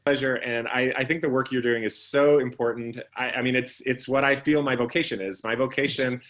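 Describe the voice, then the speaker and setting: A man who works as an anthropologist, a guest on an interview, explaining his ideas in a measured, thoughtful way. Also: medium pitch, fairly even intonation, fairly bright tone. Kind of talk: conversational interview.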